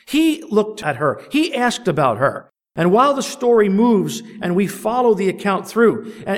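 A man delivering a sermon in a fairly high voice. He reads old-style scripture at a measured pace, then explains it with growing fervor. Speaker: preacher. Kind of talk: sermon reading and expounding scripture.

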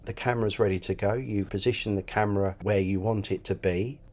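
Man, fairly low pitch, enthusiastic, casual chat. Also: fairly even intonation, fairly quick, darkish tone. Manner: chatty, enthusiastic, repeats words as he talks. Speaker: club cricket scorer and podcast guest.

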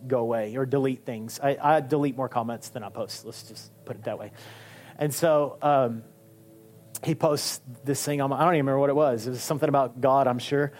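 A male pastor preaching a sermon in a conversational, animated way, with emphatic peaks. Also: medium pitch.

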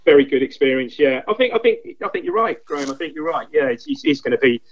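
Fast-talking man on a dull lo-fi line. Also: fairly high pitch, expressive. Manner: rambling, repeats himself, quick enthusiastic recollection. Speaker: guest pundit. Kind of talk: casual football chat.

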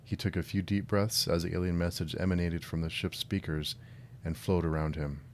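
A man's voice: sits low, flat delivery, brisk, a little mellow, slight background noise. A man hosting a book channel, chatting casually and then reading a science fiction short story aloud. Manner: friendly, with filler words and restarts.

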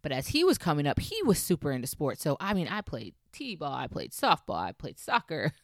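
Emphatic young woman, solo podcast host, low-pitched, dry close-miked delivery. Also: huge pitch swings, brisk, no echo. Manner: emphatic, encouraging, repeats advice to listeners. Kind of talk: casual solo podcast monologue.

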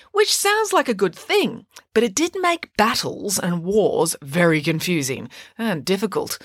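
Breathy, expressive woman storyteller. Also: fairly high pitch, dry recording, studio quality. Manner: expressive, playful asides. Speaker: storyteller podcast host. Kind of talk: children's story narration.

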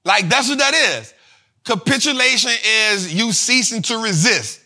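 Man, investing host, high-pitched, very bright forceful tone, slangy, repeats himself. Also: unhurried, gravelly. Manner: slangy, repetitive, animated explaining. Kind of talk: casual finance teaching.

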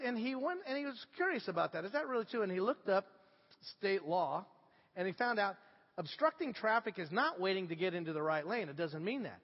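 A middle-aged man preaching a sermon, telling stories with lively swings from hushed to loud. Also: high-pitched. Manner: animated storytelling, swinging from hushed to shouting. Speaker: pastor. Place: church sanctuary. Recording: dull sound with long hall reverb.

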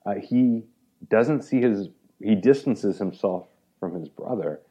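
Lowish-voiced man telling a story with animation. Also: measured pace. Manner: animated storyteller, acts out quoted speech, many "like"s. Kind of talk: conversational interview explaining a parable.

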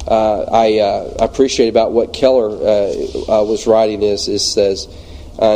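A man with a Louisiana Southern US accent leading an informal church Bible study, talking in a halting way with many fillers and restarts. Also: on the low side, mellow, low-quality recording.

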